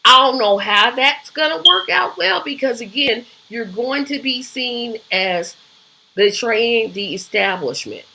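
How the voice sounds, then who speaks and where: Woman host, bright and somewhat high-pitched, conversational live-stream commentator who asks "right?" often. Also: expressive, a little slow, vocal fry, rough recording. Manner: conversational and opinionated, with frequent ums and rhetorical "right?". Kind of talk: casual political commentary.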